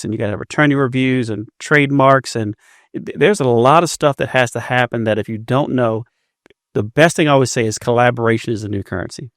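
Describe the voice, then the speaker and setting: A man's voice: medium pitch, dry recording, studio quality. A man in his fifties, a business guest telling stories in a casual interview, often repeating words as he starts a sentence. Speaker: entrepreneur guest.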